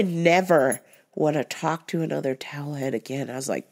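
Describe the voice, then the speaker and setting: A woman's voice: deep voice, lively intonation, normal speed. A woman hosting a podcast who tells stories in a candid, blunt way and swears freely. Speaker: podcast host. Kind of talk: casual storytelling.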